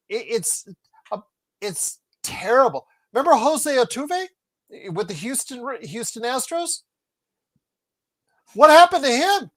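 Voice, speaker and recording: Animated, exasperated woman on a podcast. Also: medium pitch. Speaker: podcast co-host. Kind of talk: casual sports podcast chat.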